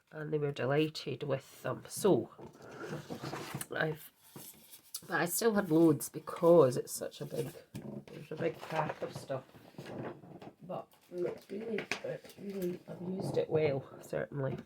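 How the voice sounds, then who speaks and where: Lady chatting thru a craft demo, low gravelly voice, a bit of hiss behind. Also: darkish tone. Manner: chatty, rambling, self-correcting. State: has a sweet in her mouth, starting to cough. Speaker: craft channel host. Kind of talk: casual crafting demonstration.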